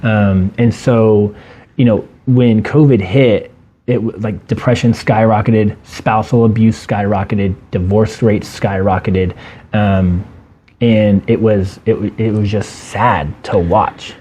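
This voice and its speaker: A man's voice: fairly low pitch, fairly even intonation, slow, mellow, husky. A man co-hosting a podcast, talking bluntly and with opinion, swearing for emphasis. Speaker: podcast co-host. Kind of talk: casual podcast conversation.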